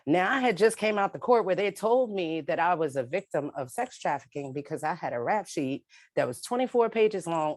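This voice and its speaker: A woman's voice: sits low, darkish tone, no room sound. A woman, an advocate telling her own story in a direct, emphatic way on a video call. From New York City. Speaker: advocate and panelist. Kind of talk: spoken-word poem, then personal testimony. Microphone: remote video call mic.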